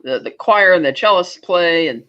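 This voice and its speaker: Higher-voiced man recapping a film. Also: lively intonation, pushed and bright, clear, resonant tone. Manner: retells scenes with quick offhand character voices. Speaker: podcast co-host. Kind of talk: casual movie recap chat. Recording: dull lo-fi audio.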